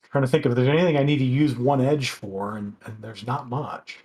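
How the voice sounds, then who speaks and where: A game master narrating a tabletop game, halting with many fillers. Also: medium pitch, a little mellow.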